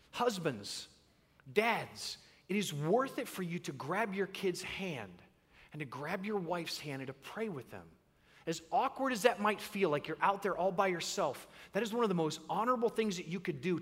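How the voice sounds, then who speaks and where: A man preaching a sermon in a church, an animated storyteller who acts out the voices in his stories. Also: high voice, slightly rough. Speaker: pastor. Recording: long reverb in a large hall.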